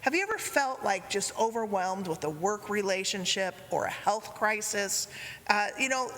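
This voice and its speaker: Bright-voiced woman preaching in a hall. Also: medium pitch, lively intonation, normal speed, a little hiss or hum. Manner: gentle storytelling with acted quotes. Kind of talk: sermon. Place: church sanctuary. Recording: reverberant church hall.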